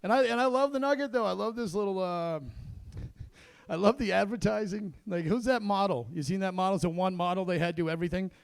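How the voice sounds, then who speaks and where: A man with a high, gravelly voice works a club crowd through a handheld mic, rambling and crude, slipping into quoted voices. The sound is close and dry. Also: brisk, no room sound. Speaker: stand-up comedian. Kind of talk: stand-up comedy set. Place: comedy club stage in a casino.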